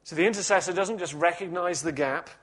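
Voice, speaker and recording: Measured male preacher, slightly high voice. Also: husky. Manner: measured, reflective teaching with gentle humor. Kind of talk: sermon.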